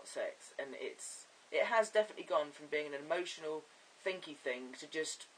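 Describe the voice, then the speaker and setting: A man chatting in a casual video diary, his voice deepening and cracking, rambling and giggling as he talks. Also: recorded from a distance, slight background noise, poor audio. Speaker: vlogger.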